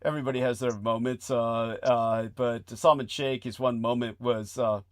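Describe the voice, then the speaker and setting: A man hosting a casual podcast chat, laughing often and talking in excited bursts. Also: mid-range voice, moderate pace, no room sound, clean studio sound. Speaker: host.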